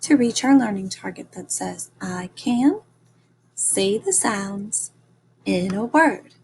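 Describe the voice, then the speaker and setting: Woman teacher, children's phonics lesson, encouraging, unhurried, faint background hiss. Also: medium pitch, lively intonation, vocal fry, darkish tone. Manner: slow, deliberate, encouraging, sounding out each phoneme.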